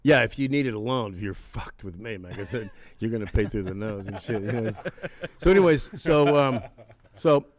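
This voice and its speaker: A man's voice: fairly low pitch, normal speed. Profane, rambling older man telling stories. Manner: profane, rambling, animated impressions of others. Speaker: guest, former actor. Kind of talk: casual storytelling interview.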